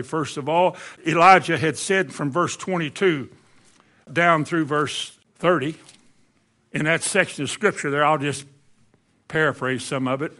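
A man's voice: fairly high pitch, fairly bright tone. A man preaching a sermon, telling a Bible story animatedly and acting out the quoted lines in a raised voice.

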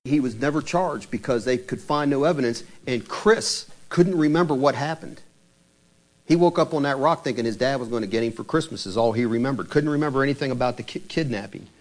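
A man preaching a sermon, retelling a true story in a conversational, dramatic way. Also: medium pitch. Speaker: pastor.

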